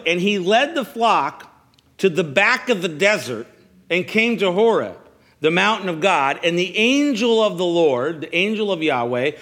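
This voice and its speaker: A male pastor with a slightly high, fairly bright voice preaches at a church service, putting call-and-response questions to his listeners. He repeats his key phrases and stammers when he restarts.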